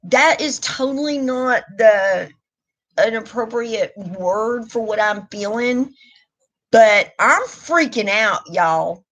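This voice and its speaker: A woman's voice: a little high, expressive, takes it slowly, fairly bright tone, poor audio. A middle-aged woman, talking openly and emotionally in a rambling live stream chat. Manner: candid, emotional, rambling with restarts. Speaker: vlogger.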